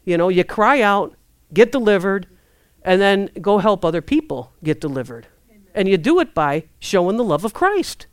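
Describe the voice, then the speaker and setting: Woman preaching, chatty and animated, smooth clear voice, dry close sound. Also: mid-range voice, normal speed, no room sound. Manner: lively, conversational, acts out prayers and inner voices. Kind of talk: sermon.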